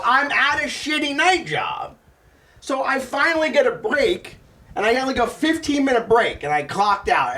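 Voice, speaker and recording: Young guy on a comedy podcast, high voice bouncing all over, swearing and laughing. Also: far from the mic. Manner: animated storytelling, swearing, laughing. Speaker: podcast co-host. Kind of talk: casual comedic chat.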